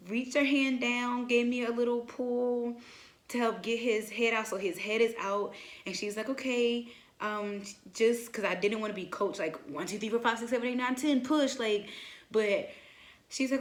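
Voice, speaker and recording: A young woman casually telling a personal story, acting out her own past words with lively asides. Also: fairly high pitch, moderate pace. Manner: animated, quotes herself in lively asides. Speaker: vlogger. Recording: roomy echo.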